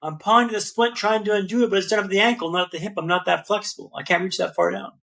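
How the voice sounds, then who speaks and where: A man with a notably high voice tells his story as a podcast guest. He builds each scene in rhythmic repeated phrases and keeps calling the host "man". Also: steady tone, very fast, gravelly, fairly bright tone. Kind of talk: dramatic storytelling in an interview.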